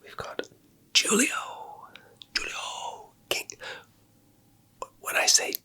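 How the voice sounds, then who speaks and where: A soft, breathy male whisper moves slowly and playfully through this clip, the work of an ASMR creator.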